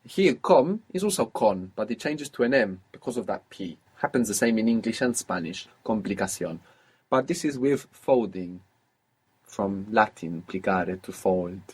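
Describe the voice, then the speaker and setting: Man, language teacher, husky voice, patient explaining, uh fillers. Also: on the low side, animated, moderate pace, a little mellow. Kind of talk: recorded language lesson.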